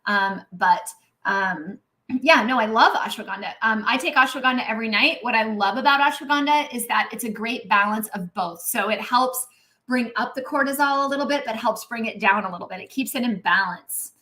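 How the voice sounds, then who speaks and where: A middle-aged woman, a naturopathic doctor, talking casually and animatedly in a live Q&A, with lots of "um" and "right?", now and then clearing her throat. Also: on the high side, a little fast. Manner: chatty and animated, acts out inner voices; frequent "um" and "right?" tags.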